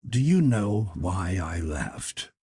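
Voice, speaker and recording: A man's voice: low-pitched, big pitch swings, slow, mellow, breathy edge, no echo, studio quality, exaggerated voice. A man voicing a brash, scoffing grown man who blusters and mocks, in an audiobook reading. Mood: boastful. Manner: blustering, mocking.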